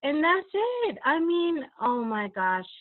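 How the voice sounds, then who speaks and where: A woman's voice: sits high, very animated, takes it slowly. A woman in her thirties calling in from home, gushing and laughing as she tells her story, close to tears. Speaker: caller. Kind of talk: emotional call-in thanks. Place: home, dim room. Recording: tinny phone line.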